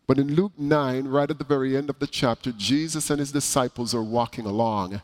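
A middle-aged man preaching a sermon to his congregation, slow and deliberate, rising for emphasis. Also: medium pitch, fairly even intonation. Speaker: pastor.

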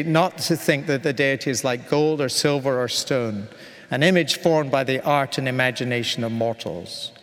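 A man preaching a sermon in an earnest, measured way, with emphatic repetition. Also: on the high side. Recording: long hall reverb.

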